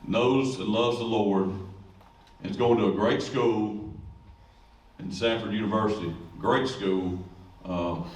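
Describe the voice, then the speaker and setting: Folksy coach, echoey and distant. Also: male voice, lowish voice. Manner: rambling, folksy, joking. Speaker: high school football coach. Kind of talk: ceremony speech. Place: school event room. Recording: echoey room, distant mic, faint noise.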